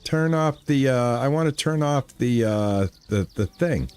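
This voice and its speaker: A man's voice: medium pitch, expressive, measured pace, a little mellow, smooth, faint music behind. A man chatting casually to his live chat while playing a farming game, rambling and easygoing. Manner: laid-back, rambling, talks to chat. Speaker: streamer.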